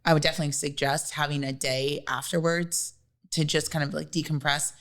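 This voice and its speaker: Woman, young adult, lower pitch, chatty podcast guest, animated storytelling. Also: brisk. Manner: chatty, animated when retelling. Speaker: interview guest, bride. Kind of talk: casual podcast conversation.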